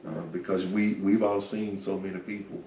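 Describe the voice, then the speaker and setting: Man in his 40s, very low voice, reflective testimony, echoey room, mic set back. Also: little pitch movement, moderate pace, darkish tone. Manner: reflective storyteller, peppers talk with "man" and "you know". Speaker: interview guest. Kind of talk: personal faith testimony interview. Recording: echoey room, from far off, faint noise.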